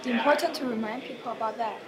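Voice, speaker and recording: Young woman, high voice, unsure classmate, crowd noise behind. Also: fast talker. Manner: hesitant and agreeable, many fillers. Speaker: student acting in a school skit. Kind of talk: amateur skit acting.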